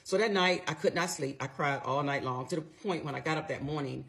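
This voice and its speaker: Her voice sits low and runs a little fast as this middle-aged woman tells her own story in an informal monologue. She retells it with energy and emphasis, bluntly and with some cursing.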